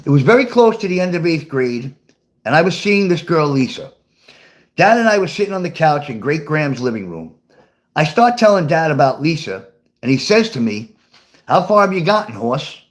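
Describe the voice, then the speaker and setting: A man's voice: on the high side, very animated, moderate pace. An older man reading his own memoir aloud and chatting with viewers, swearing freely and laughing at his own stories.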